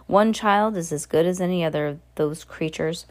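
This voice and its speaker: A woman reading aloud voices an old grandmother who speaks softly and reassuringly, low and quiet. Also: moderate pace, lightly acted. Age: over 60. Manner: soft, reassuring, hushed. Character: calm protective old grandmother.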